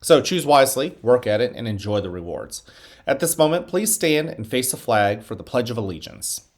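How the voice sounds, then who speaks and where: A middle-aged man speaks as a school principal, leading a slow mindfulness exercise and cheering students on through the morning announcements. His pitch moves freely up and down as he guides and encourages them. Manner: calm, slow guiding voice during breathing exercise; upbeat, encouraging address to students.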